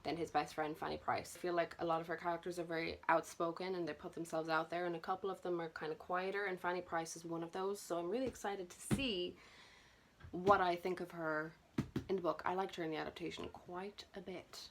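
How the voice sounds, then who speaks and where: A woman's voice: on the low side, fairly even intonation, a little fast, background noise. A young woman chatting nervously and self-consciously through her book collection for a vlog. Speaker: booktuber. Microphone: camera mic.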